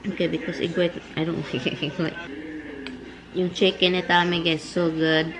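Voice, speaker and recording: A woman's voice: fairly low pitch, little pitch movement, moderate pace, noisy background. A woman from the Philippines with a Filipino accent, chatting casually in a home vlog and switching between English and Tagalog. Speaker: vlogger. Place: home kitchen.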